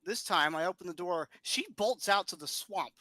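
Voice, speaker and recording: Guy with a high bright voice telling a wild story on a podcast, dry close sound. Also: moderate pace, no echo. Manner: animated storyteller, laughs often. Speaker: podcast co-host. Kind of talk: casual storytelling chat.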